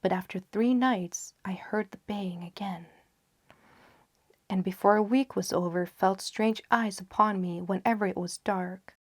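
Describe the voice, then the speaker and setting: A woman reading a gothic horror story aloud in a hushed, often half-whispered voice with slow, dramatic pacing. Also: medium pitch, steady tone, no room sound, studio quality. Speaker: audiobook narrator.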